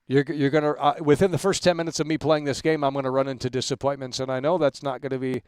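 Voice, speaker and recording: Hype-driven streamer man, smooth voice. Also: medium pitch, little pitch movement, fast talker, no echo. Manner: emphatic hype shout-outs with repeated catchphrases; rambling, with frequent restarts and fillers. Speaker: livestream talk show host. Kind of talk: casual livestream commentary.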